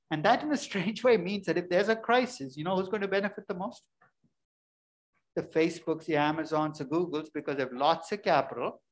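Man lecturing with rhetorical questions. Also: a little high. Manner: emphatic, asks and answers his own questions. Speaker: finance lecturer. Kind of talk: classroom lecture.

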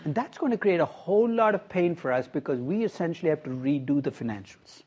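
Animated middle-aged male professor lecturing. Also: fairly high pitch, fast, breathy edge, muffled recording. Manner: animated, quizzes students, wry asides. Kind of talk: classroom lecture. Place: university classroom.

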